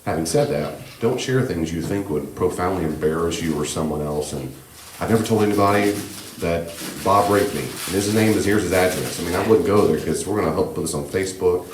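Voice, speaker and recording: There's a faint hiss and room echo as an extremely deep-voiced man, holding a handheld mic, teaches a church class about grief. His manner is gentle and reassuring, conversational and full of asides, with lively intonation and a slightly quick pace.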